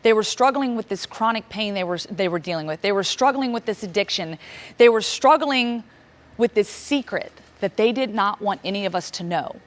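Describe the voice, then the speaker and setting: A woman in her thirties from Virginia speaks to an audience, telling a personal story. Her voice is emotional and paced with dramatic pauses, and it jumps up sharply when she relives moments of disbelief. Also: mid-range voice, animated. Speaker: keynote speaker.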